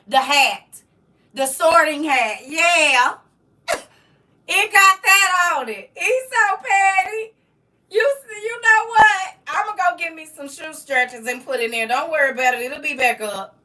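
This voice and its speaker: A woman's voice: high voice, pushed and bright. A middle-aged woman hosting a casual livestream at home, teasing her viewers playfully and laughing often. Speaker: livestream host reading chat. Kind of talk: casual live chat. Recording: distant from the mic.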